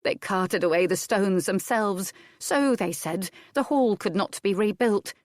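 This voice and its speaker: A woman reading the part of an outraged, sharp-tongued female servant in an audiobook. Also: medium pitch, lively intonation, measured pace, dry recording, studio quality, natural voice. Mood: bitter. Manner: sharp, scolding.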